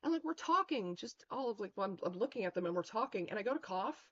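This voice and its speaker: Woman, streamer, casual storytelling, rambling, swears a lot, mid pitch, dull lo-fi mic. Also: animated, quick pace, a bit bright. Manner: rambling, heavy swearing, many fillers.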